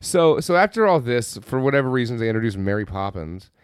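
A man's voice: mid-range voice, sing-song, fairly quick, clean tone, no echo, clean studio sound. A man co-hosting a podcast, sarcastically recapping a movie with profane jokes. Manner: profane, sarcastic storytelling with mocking quoted voices. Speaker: podcast co-host. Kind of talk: casual chat, movie recap.

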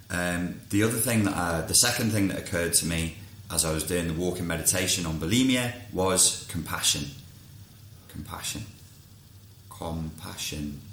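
A man's voice: rumbling low, a bit bright, reverberant, slight background noise. A man who coaches clients, talking frankly in a casual monologue and swearing freely.

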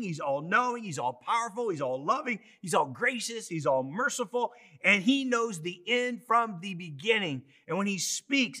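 Bright-voiced fervent man preaching. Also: high-pitched. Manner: fervent, emphatic preaching with dramatic swings in loudness. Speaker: pastor. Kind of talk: sermon. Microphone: online church service.

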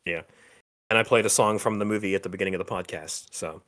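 A man's voice: deep voice, fairly bright tone. A man co-hosting a podcast, chatting casually with lots of fillers, restarts and little laughs. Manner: halting, many fillers and restarts, laughs often. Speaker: podcast co-host. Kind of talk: casual chat.

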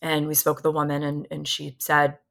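A woman in her thirties speaks as a podcast guest, retelling events from her own life. Her voice sits low but carries a bright, forceful tone. She talks candidly and animatedly, slipping into the voices of the people in her story. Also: brisk, gravelly. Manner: candid, animated retelling that acts out what others said. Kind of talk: personal storytelling in a conversation.

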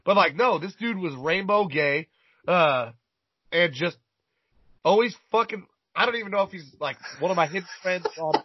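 A man's voice: sits high, lively intonation, moderate pace, slightly rough, no echo. A man chatting casually, telling a rambling, profanity-laden story and stumbling over repeated words. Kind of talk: casual chat, crude storytelling. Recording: dull lo-fi recording.

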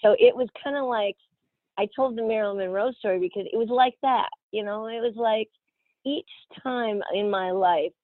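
A woman from Australia, an actress, telling stories in an animated interview and often laughing. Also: fairly high pitch, normal speed, dry recording. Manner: animated, laughing, quotes other voices. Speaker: actress guest. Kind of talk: casual interview storytelling. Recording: tinny phone-like line, dry.

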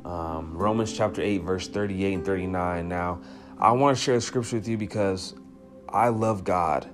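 A man's voice: low-pitched, normal speed, over music. A man hosting a devotional podcast episode, speaking earnestly and with emotion, repeating key phrases for emphasis. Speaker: podcast host.

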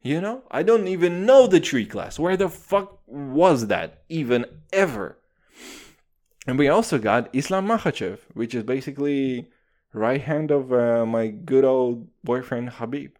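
A young man in his twenties riffs alone on his podcast, loose and profane, tossing "dude" into almost every phrase. His voice swings widely up and down in pitch as he rambles, animated and unguarded. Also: measured pace. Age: 20s. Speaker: podcast host. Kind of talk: casual podcast monologue.

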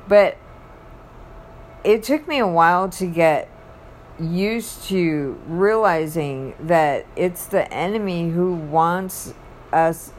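A woman in casual faith talk, rambling and halting as she restarts her thoughts mid-sentence, speaking as a Christian ministry worker. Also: fairly low pitch, a little hiss or hum.

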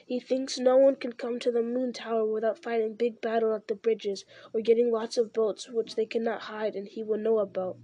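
A woman reading a novel aloud at a steady pace, with occasional slips and restarts. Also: on the high side, moderate pace, hardly any pauses, dry recording. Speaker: reader.

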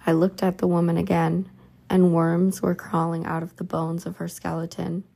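A woman reading a religious book aloud slowly, with occasional stumbles and restarts. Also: on the low side, level tone, creaky, warm tone. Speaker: reader.

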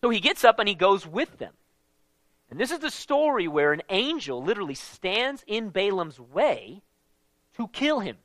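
A man preaching a casual Bible-teaching sermon in an animated, conversational way, with slang mixed in. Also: high voice, normal speed, dry recording.

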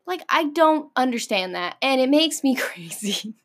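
A young woman with a high voice hosts a solo podcast. She rants in an exasperated, lively way, full of likes and ums. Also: a little slow. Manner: exasperated, animated ranting with many likes and ums. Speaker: podcast host.

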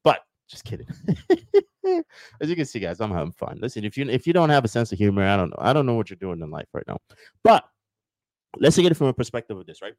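A man's voice: on the low side, big pitch swings, fast, a little mellow, no room sound. A man hosting a podcast, giving a joking, preachy motivational monologue and acting out little everyday dialogues. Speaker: podcast host.

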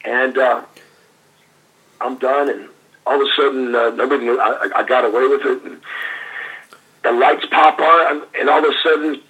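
A man's voice: medium pitch, fairly even intonation, moderate pace, pauses often, bright, forceful tone, slightly rough, low-quality recording. An older man, a former pro wrestler, animatedly telling anecdotes in a casual interview with laughs and fillers.

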